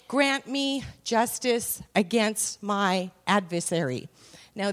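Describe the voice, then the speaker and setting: Blending Bible passages with stories about her family, a slightly high-voiced woman delivers a conversational sermon that climbs to emphatic high points.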